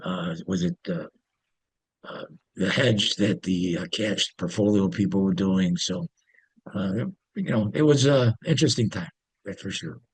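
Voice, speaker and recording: Husky low-voiced man telling trading stories. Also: measured pace, no echo. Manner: rambling, many fillers and restarts. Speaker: interview guest, former pit trader. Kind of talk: casual storytelling.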